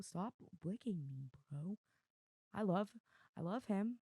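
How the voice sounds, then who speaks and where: A woman hosting her own podcast in casual chat, rambling and self-deprecating, laughing often, with her voice going hoarse. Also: mid-range voice, animated, takes it slowly, dark tone, no echo. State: losing her voice. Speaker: podcast host. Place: room at home with dogs. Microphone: desk mic on video.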